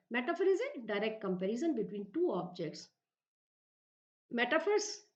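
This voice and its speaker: Middle-aged woman professor, slow emphatic lecture, lively rising pitch, dull lo-fi sound. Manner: slow, emphatic explaining with repeated checks. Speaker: English professor. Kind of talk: recorded literature lecture.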